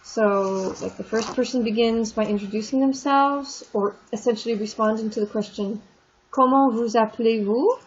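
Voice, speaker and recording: A woman's voice: fairly high pitch, fairly even intonation, moderate pace, hardly any pauses. A woman teaching a French class in a recorded online lesson, explaining in a chatty way and stretching out the French words. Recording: dull lo-fi screen recording with faint noise.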